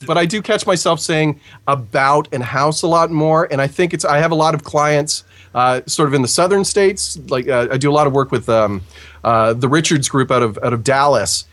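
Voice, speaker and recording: Rambling Canadian guy, slightly high voice. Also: moderate pace, fairly bright tone. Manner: rambling, joking, many fillers. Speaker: podcast guest, voice actor. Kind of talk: casual chat.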